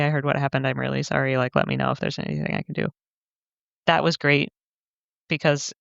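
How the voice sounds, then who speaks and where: Woman, podcast guest, candid, reflective, laughs easily, quotes others, gravelly, slightly muffled lo-fi audio. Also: sits low, a bit bright, no room sound. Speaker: guest author.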